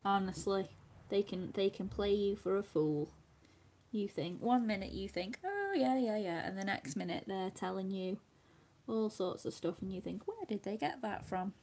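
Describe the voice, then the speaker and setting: A woman's voice: mid-range voice, moderate pace, darkish tone, slight background noise. A woman chatting casually while she colours, laughing often and dropping to a near whisper when she concentrates. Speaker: craft livestream host.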